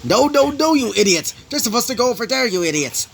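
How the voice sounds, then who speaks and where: A man voicing a scheming male crime boss in a fan-made story, shouting insults and mocking his foes. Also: sits high, sing-song, moderate pace, a little hiss or hum, pitched above the performer's own voice, exaggerated voice. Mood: angry.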